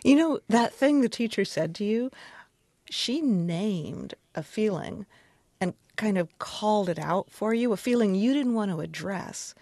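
A woman interviewer asking calm, probing questions. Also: medium pitch, measured pace, no echo, clean studio sound.

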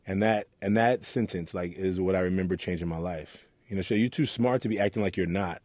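A man from Oakland, a youth mentor, telling his story in an interview with earnest warmth and acting out the voices in it. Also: low-pitched, a little fast, no room sound. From Oakland, California. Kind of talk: reflective interview talk.

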